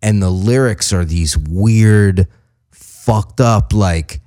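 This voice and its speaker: Animated, profane man telling stories. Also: fairly low pitch, extremely slow. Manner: animated, profane, acts out quotes in voices. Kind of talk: casual storytelling chat.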